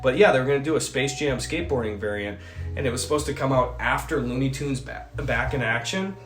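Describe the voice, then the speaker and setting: A man's voice: mid-range voice, a little fast, a bit bright, reverberant, faint music behind. A man chatting casually on a livestream, rambling and swearing as he reads out chat messages, and a little sick. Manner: rambling, swearing, jokey asides. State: a bit sick. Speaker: streamer reading chat.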